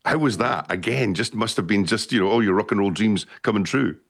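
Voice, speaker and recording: A man hosts a radio interview from the studio, and his voice sits very low. He asks gushing questions in stops and starts. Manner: effusive, halting questions. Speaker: radio host.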